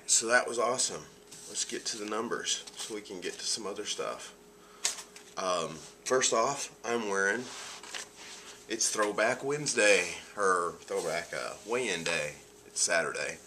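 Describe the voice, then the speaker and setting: Nasal low-voiced man. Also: sharp tone, a little hiss or hum. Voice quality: nasal from allergies. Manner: chatty, upbeat, laughs often. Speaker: vlogger. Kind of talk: casual video diary.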